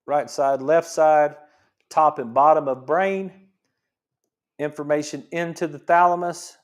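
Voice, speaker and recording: A man's voice: fairly high pitch, steady tone, a little slow. A man hosting a health talk show as a chiropractor, explaining things emphatically and often restarting and repeating his phrases. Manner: repetitive, emphatic teaching with restarts.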